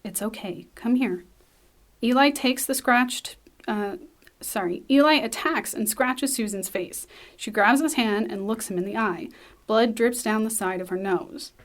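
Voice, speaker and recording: A woman reading a screenplay aloud, brisk, with small slips and restarts. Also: a little high. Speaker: script reader.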